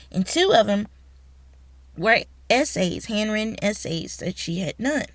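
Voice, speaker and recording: A woman's voice: mid-range voice, dry recording. A woman teacher telling a personal story, acting out the voices of the people in it. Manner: animated, acts out the voices in her story. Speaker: teacher and educational consultant.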